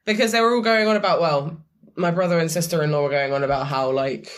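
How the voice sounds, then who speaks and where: Hoarse, croaky woman. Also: low voice, fast talker. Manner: chatty, rambling, swears casually. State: hoarse, croaky after a late night. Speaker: podcast co-host. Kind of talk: casual chat.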